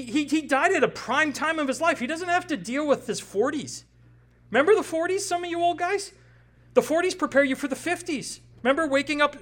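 A man's voice: very high-pitched, a bit bright. A man in his forties preaching a conversational, emphatic sermon, often checking in with the congregation. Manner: conversational, emphatic, frequent "right?" tags. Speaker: pastor. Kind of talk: expository sermon.

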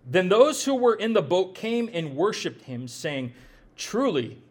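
A man's voice: high-pitched, sing-song, a little slow. A middle-aged man, giving a folksy, conversational sermon that asks the listeners questions and makes joking asides. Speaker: pastor.

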